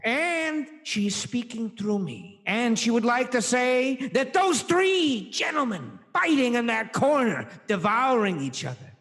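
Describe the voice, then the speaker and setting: A man's voice: very high-pitched, very animated, slow, hardly any pauses, a bit bright, in a large hall, exaggerated voice. A man voicing a character who pretends to channel a grand medium, speaking theatrically with hesitations. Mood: grandiose.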